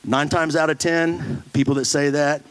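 A man's voice: fairly high pitch, steady tone, moderate pace, poor audio. A man preaching a sermon in a blunt, folksy way, mocking churchy phrases with put-on voices. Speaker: pastor.

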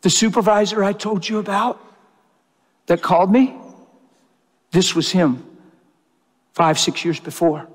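A man preaching a sermon, telling stories in an animated, emotional way and acting out the people he quotes. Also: sits high, unhurried, long pauses. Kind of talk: sermon storytelling. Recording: long hall reverb.

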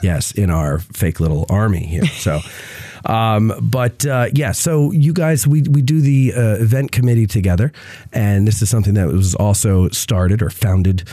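A man's voice: on the low side, measured pace, mellow, no echo. A man hosting a casual chat, congested from a cold and rambling with lots of fillers. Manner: rambling, self-interrupting with many fillers. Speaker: podcast host.

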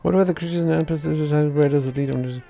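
Gravelly, relaxed male streamer. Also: fairly high pitch, fast talker, soft background music. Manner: reads chat aloud, chuckles, relaxed asides. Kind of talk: casual live gameplay commentary.

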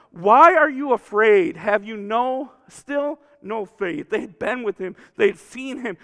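High-voiced gravelly pastor preaching. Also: male voice, in a large hall. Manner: conversational preaching, swings from loud to hushed. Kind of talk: sermon. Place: church sanctuary.

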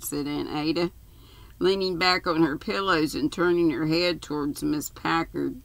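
An older woman slowly reading a novel aloud as a storyteller. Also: low-pitched, steady tone, creaky, dry recording, poor audio.

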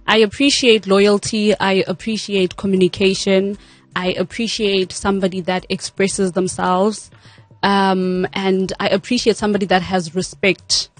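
A woman's voice: medium pitch, flat delivery, unhurried. A South African woman speaking candidly as a guest on a radio interview, laughing often. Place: radio studio.

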